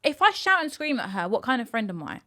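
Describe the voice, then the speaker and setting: High, animated woman, teasing. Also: quick pace. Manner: laughing, teasing, defensive. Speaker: podcast co-host. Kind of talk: casual podcast argument.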